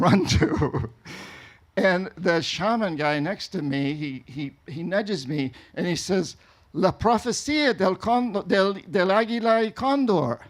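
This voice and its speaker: A man from New England telling a travel story to an audience in an animated way, laughing often. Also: fairly high pitch. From New England, USA. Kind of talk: storytelling talk.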